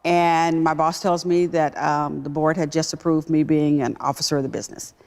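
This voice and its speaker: A woman executive telling a personal story in a talk-show interview, emphatic and animated. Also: sits low, normal speed. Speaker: guest, business executive.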